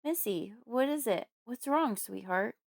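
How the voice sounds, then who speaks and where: A woman's voice: on the high side, expressive, measured pace, gravelly, pitched above the performer's own voice. A woman voicing a worried father who comforts his daughter and calls out desperately in an audiobook. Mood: anxious. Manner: pleading, loud calls. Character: worried grieving father, tender then desperate. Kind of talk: audiobook character voice.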